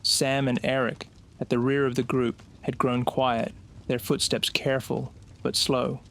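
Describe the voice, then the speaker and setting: A man narrating a scripted horror story in a slow, suspenseful way. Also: medium pitch, flat delivery, fairly bright tone.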